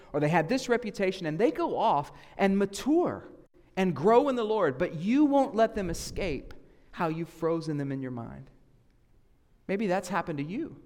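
A man with a Southern US accent preaching a sermon as a guest preacher, conversational and animated, acting out voices he quotes. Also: sits high. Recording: echoey hall reverb.

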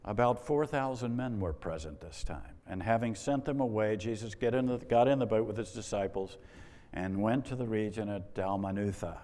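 A man's voice: lowish voice, dark tone. A man preaching a sermon, with wry rhetorical questions and exasperated asides. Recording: long reverb of a large hall.

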